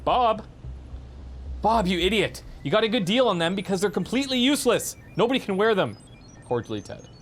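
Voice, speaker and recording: A man's voice: a little high, sing-song, normal speed, a little hiss or hum. A man voicing an uptight, exasperated male co-founder who scolds his partner in an indignant tone.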